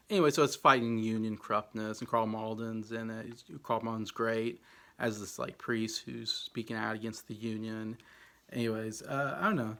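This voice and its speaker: A man's voice: on the low side, creaky, fairly bright tone. A man reviewing old films in a casual, rambling way, full of fillers and hedges. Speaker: film reviewer. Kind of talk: casual movie ranking talk.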